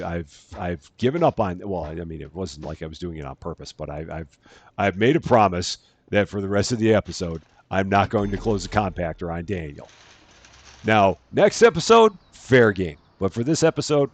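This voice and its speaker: In casual gameplay commentary, a male let's-play host talks through every task as he goes, frequently correcting himself. He has a deep voice with lively intonation and speaks fairly quickly.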